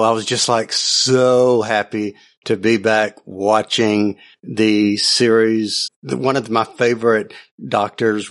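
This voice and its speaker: A man hosting a podcast, chatting in a friendly, upbeat way. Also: lowish voice. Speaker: podcast host. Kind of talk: casual podcast chat.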